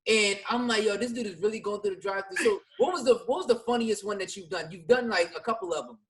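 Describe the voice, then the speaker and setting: A man hosting a podcast interview, relaxed and slangy, with lots of short affirmations. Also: high voice, quick pace. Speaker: podcast host. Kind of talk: casual interview chat.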